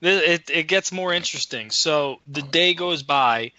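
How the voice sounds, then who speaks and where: Man, podcast co-host, foul-mouthed storytelling, sharp bright voice, dry close sound. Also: on the high side, moderate pace, dry recording, muffled recording. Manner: profane, worked-up storytelling. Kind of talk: casual storytelling chat.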